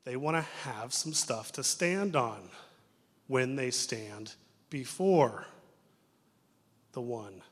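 A young adult man preaching a sermon in a church as pastor, telling stories in an animated way that moves between loud and hushed. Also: medium pitch, takes it slowly, long pauses. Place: church sanctuary. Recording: reverberant church sanctuary.

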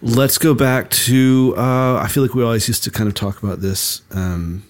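A man co-hosting a podcast in relaxed chat, rambling with lots of fillers and restarts. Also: mid-range voice, normal speed. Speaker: podcast co-host. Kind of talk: casual chat.

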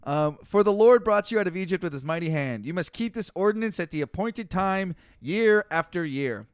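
High-voiced man reading scripture, joking. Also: lively intonation, normal speed, clear, resonant tone, no echo, clean studio sound. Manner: reads scripture aloud then riffs, laughs often. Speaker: podcast host reading the Bible. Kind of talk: casual comedic chat.

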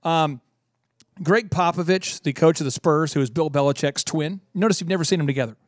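A man hosting a business talk radio show, telling stories quickly and acting out the quotes he tells. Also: on the high side, dry recording, studio quality. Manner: quick storytelling, acts out quotes. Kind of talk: casual radio chat.

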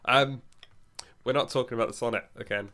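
Guy cohosting a podcast, bright tense voice, laughs a lot, bit ill. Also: medium pitch. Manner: giggly, chatty, quick to laugh. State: unwell. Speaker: podcast co-host. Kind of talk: casual chat.

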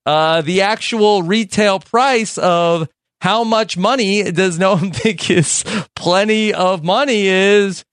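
A man's voice: high-pitched, takes it slowly, a bit bright, clean tone, dry recording, clean studio sound. A man hosting a mock game show over a video call, rambling through his lines with lots of fillers.

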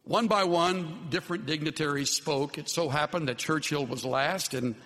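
A man preaching a sermon as pastor, earnest in tone and often dropping to soft, low words for emphasis. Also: normal speed. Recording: long hall reverb.

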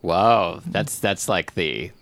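A man co-hosting a comedy podcast, chatting playfully and tossing in quick jokes. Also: deep voice, vocal fry, a bit bright, no room sound. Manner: playful, quick quips and laughs. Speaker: podcast co-host. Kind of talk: casual comedic chat.

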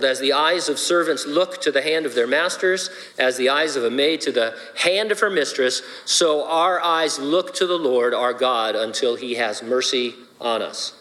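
A man's voice: mid-range voice, a bit bright. A man, a pastor, preaching a sermon with playful, joking asides. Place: church sanctuary. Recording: long hall reverb.

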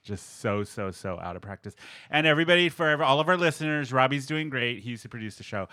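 A man hosting a podcast, telling stories in casual chat with quick laughs. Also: mid-range voice, dry recording. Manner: animated storyteller, quick laughs. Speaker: podcast host.

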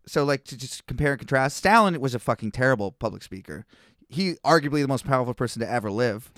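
A man's voice: mid-range voice, animated, fast, a bit bright, no room sound. A man co-hosting a podcast, rambling through explanations in casual banter and getting testy when teased. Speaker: podcast co-host.

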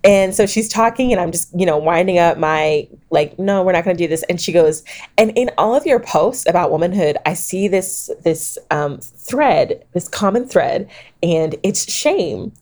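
A woman in her thirties speaks with a notably low voice, telling her story in an interview. She is animated and often laughs, and she acts out the words of other people as she goes. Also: a little slow. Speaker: author and guest.

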